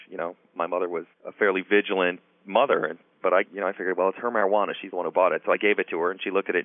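A middle-aged man, a guest author and psychiatry professor, telling stories in a radio interview with a relaxed manner and many "you know"s. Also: sits low, no room sound. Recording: tinny phone-line call-in audio.

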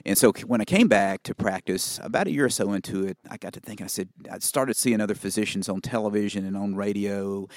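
A middle-aged Southern man, a family doctor from Mississippi, answers interview questions with easygoing anecdotes and folksy asides. His voice sits fairly low, and it is recorded close and dry with no room sound. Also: fast talker, hardly any pauses, no echo. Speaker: family physician and broadcaster.

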